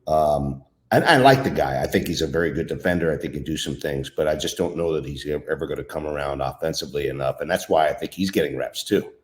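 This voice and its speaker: Brief: deep male baseball analyst, halting, opinionated, casual talk. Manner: halting, restarts often, opinionated.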